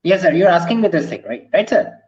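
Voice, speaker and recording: A man's voice: high-pitched, lively intonation, fast talker, darkish tone, lo-fi sound. A man, a guest speaker answering questions in an online lecture, polite and repetitive. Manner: polite, repeats himself, says "sir" and "ma'am" often.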